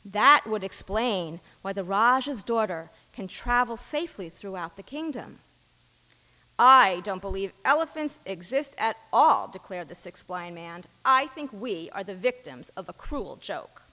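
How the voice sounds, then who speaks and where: A woman giving a sermon as an interfaith minister, reading a story in a measured storytelling voice, in a church. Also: medium pitch, lively intonation, bright, forceful tone, in a large hall, rough recording. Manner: measured storytelling, giving the blind men brief quoted lines. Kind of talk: sermon with a story read aloud.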